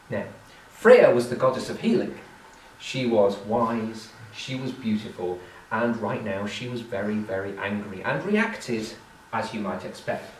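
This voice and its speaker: Lively British storyteller, man, expressive rising and falling voice, recorded from afar in an echoey hall with faint ambience. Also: on the low side, measured pace, a little hiss or hum. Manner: animated, acts out the voices. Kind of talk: live storytelling performance. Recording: echoey live room from far off.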